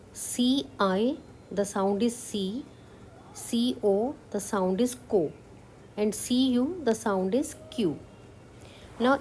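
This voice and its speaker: A woman teaching French step by step and often checking with "Clear?", switching between English and Hindi. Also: medium pitch, darkish tone, a little hiss or hum. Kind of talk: classroom-style language lesson.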